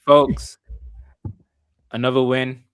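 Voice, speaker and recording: A man's voice: medium pitch, flat delivery, unhurried, a bit bright, smooth, no echo. A man hosting a casual football fan podcast, upbeat and prone to repeating his phrases. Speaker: podcast host.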